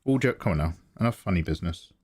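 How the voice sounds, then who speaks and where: A man's voice: low-pitched, expressive, quick pace, a little mellow. A man chatting casually on a live drawing stream, joking and self-mocking. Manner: joking, laughs between lines, self-mocking.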